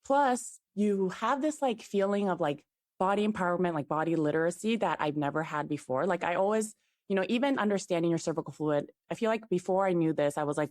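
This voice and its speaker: Low-pitched chatty woman, podcast guest. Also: a little fast, a little mellow, dry recording. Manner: chatty, fillers of "like", enthusiastic. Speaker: guest, fertility app CEO. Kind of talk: casual podcast interview.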